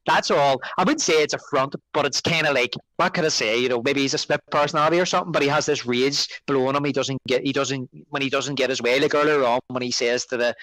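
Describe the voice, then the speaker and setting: A man's voice: medium pitch, quick pace, hardly any pauses, dry recording, rough recording. A man co-hosting a podcast, chatting casually about a film and acting out its lines. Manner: animated, quotes film lines in character. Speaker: podcast co-host.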